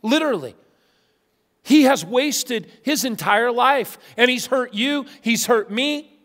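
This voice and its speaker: A man's voice: extremely high pitch, slow pace. A middle-aged male pastor preaching a sermon, telling stories with animation and acting out quoted voices. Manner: animated storytelling, acts out quotes. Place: church sanctuary. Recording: long hall reverb.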